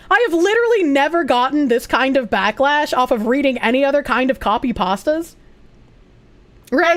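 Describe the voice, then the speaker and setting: A young woman livestreaming casually, giggly and loud, swearing freely as she reads chat aloud. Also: sits high, animated, normal speed, a little hiss or hum. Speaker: streamer.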